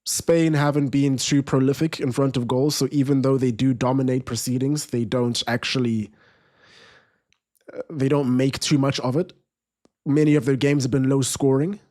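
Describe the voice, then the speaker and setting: A man's voice: medium pitch, moderate pace. Laid-back man hosting a football watchalong. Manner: relaxed, rambling, restarts sentences. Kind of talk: casual live match commentary, reading chat.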